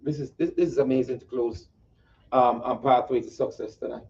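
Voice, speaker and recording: A man's voice: mid-range voice, fairly even intonation, brisk, vocal fry, a little mellow, slight background noise. Jamaican man hosting, distant and muffled. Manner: affirming, agreeable. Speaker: host. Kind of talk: interview talk. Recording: distant dull mic.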